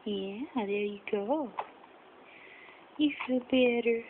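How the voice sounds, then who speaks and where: A slow, gravelly-voiced mother coos soothingly to her baby. The sound is thin and phone-like, with clear noise underneath and dogs in the background. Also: a little high. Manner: cooing, soothing. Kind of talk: baby talk. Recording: tinny phone recording with noise.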